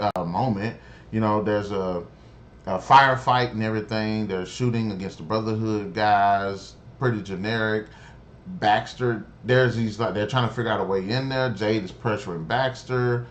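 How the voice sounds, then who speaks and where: A man's voice: lowish voice, moderate pace. A man giving a casual spoken review of a TV episode, rambling, swearing freely and sounding exasperated. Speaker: show reviewer.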